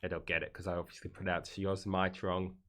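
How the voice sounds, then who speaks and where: Aussie guy rambling thru memes, dry jokey asides, kinda low voice. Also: monotone, fast, bright, forceful tone. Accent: Australian. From Australia. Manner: wry, rambling, joking asides. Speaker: streamer. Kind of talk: casual commentary reacting to memes.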